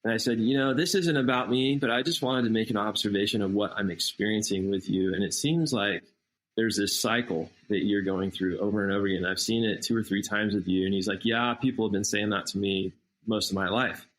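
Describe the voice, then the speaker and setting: Animated man telling a story. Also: lowish voice, brisk, poor audio. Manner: animated, acts out quoted dialogue. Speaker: missionary guest. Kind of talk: casual storytelling.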